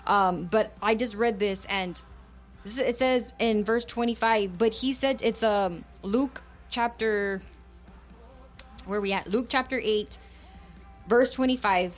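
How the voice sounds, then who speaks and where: A woman's voice: mid-range voice, takes it slowly, soft background music. A woman preaching on a radio program, fervent and conversational, switching between English and Spanish to encourage listeners.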